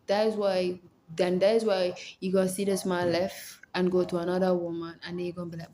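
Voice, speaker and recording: Jamaican woman, young adult, casual advice vlog, lively storyteller who acts out the voices, faint noise behind. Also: fairly low pitch, normal speed. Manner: animated storytelling, acts out quoted lines.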